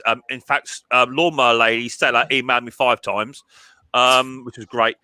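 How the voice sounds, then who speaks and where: Bright-voiced man hosting a stream. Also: medium pitch, a little slow, no room sound, low-quality recording. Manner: chatty, stammers and repeats words. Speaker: live stream host. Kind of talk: casual live stream chat.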